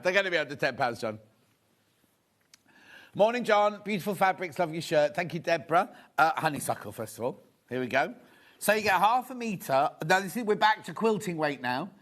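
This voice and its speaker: Brief: male shopping-channel host, gossipy and rambling, voice high and very animated. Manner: chatty, rambling, gossipy asides. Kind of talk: live TV selling chat. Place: TV studio.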